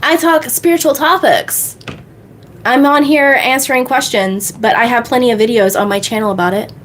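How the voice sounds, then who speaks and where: A woman coach answering viewer questions on a livestream in a bubbly, fast way. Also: a little high, a little hiss or hum. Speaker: manifestation coach.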